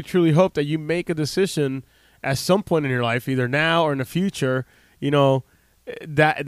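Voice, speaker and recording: A man's voice: fairly high pitch, smooth, no room sound, clean studio sound. A man in his late thirties from the United States, a health practitioner talking casually to camera in a rambling, heartfelt way, full of fillers and restarts. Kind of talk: casual unscripted monologue.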